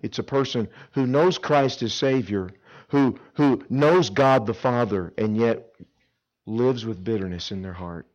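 A man preaching a sermon at a camp, telling stories with dramatic swings between loud emphasis and hushed pleas. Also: medium pitch, measured pace. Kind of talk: sermon with storytelling. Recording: dull lo-fi sound.

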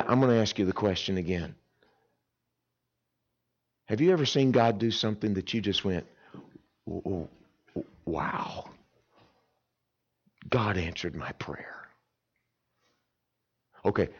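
A male preacher giving a sermon, telling a Bible story in an animated, folksy way with humor. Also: lowish voice, a little fast, pauses often, lo-fi sound.

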